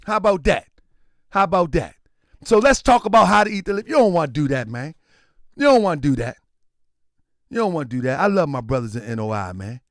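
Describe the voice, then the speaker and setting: With a fairly high voice, a man runs a livestream, talking a little fast with long pauses. The sound is clean studio audio without echo. He is animated and casual, slipping into preaching and shouting at times.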